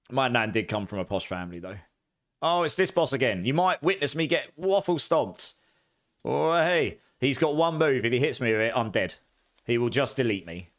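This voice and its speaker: A man from near London with an Essex accent touched with posh, chatting through live gameplay and quick to laugh. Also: mid-range voice, fairly bright tone. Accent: Essex mixed with a bit of posh English. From near London, England. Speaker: streamer.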